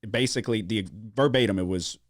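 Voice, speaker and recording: Low-voiced, profane podcast host. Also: male voice, a little fast, no room sound, clean studio sound. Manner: profane, animated storytelling. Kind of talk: casual sports-betting podcast chat. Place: studio.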